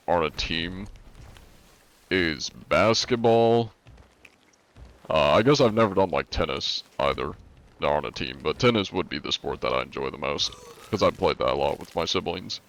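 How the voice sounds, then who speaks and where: A man's voice: low voice, lively intonation, normal speed, pauses often, a bit bright. A young American man streaming live, chatting casually with viewers in a laid-back, rambling way. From United States. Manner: laid-back, rambling, lots of likes and ums.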